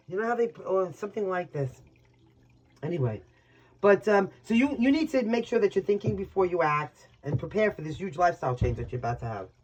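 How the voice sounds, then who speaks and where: A man's voice: sits high, slightly rough, poor audio. A man with a New York accent giving a casual, rambling tarot reading. He gets emotional and swears freely. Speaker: tarot reader.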